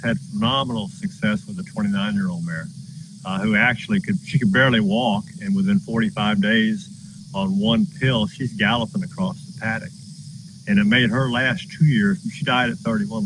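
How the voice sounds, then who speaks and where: Lower-voiced guy spinning an earnest farm yarn outside, noisy background. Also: fairly even intonation, normal speed. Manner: earnest, folksy storyteller. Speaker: horse farm owner. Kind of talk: casual storytelling. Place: outdoors on a farm.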